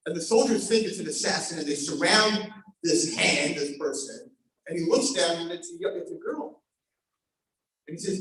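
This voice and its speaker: A man telling a parable during a Torah class, acting out the voices and swinging from hushed lines to shouts. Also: high voice, lively intonation, moderate pace. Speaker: daf yomi teacher. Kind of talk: sermon storytelling. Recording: echoey hall from far off.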